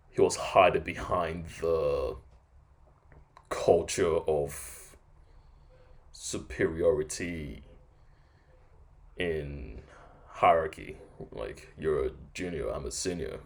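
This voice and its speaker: A man's voice: low voice, vocal fry, darkish tone, slightly rough. A man telling a casual story on his podcast, laid-back and chuckling as he recounts it. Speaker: podcast host.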